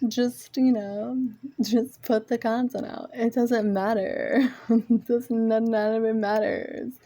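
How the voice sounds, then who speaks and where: A woman rambles through a frustrated, swear-heavy vent to her phone camera, breaking into self-mocking laughs. Her voice sits a little high but sounds mellow and soft-edged. It is a casual home recording made on a propped-up phone. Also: little pitch movement, takes it slowly. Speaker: vlogger. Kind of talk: casual venting monologue. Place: indoors at home among art supplies. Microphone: phone propped nearby.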